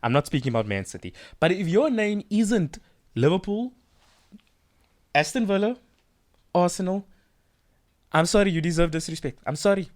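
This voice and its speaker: Excitable teasing male podcast co-host. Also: sits high, normal speed, pauses often, dry recording, studio quality. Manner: excitable, teasing, repeats himself. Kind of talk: casual football chat.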